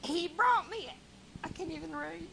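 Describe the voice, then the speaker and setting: A high-voiced woman tells her testimony through tears. Her bright voice turns fervent and loud when she reads scripture, and a faint hiss sits under it. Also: gravelly, low-quality recording. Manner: tearful, fervent, reads scripture slowly and loudly. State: crying. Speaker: caller sharing a testimony. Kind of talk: emotional testimony.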